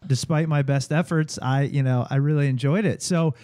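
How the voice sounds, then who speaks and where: Male podcast host, friendly, mellow tone, dry close mic. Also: fairly high pitch, fairly even intonation, moderate pace, dry recording. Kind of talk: casual interview chat.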